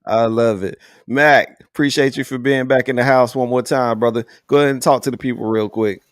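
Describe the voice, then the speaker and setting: A man's voice: mid-range voice, steady tone, a little fast, no echo, clean studio sound. Laid-back man hosting a video panel. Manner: laid-back, slangy, says "man" often. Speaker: host. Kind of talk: casual live panel hosting. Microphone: video call.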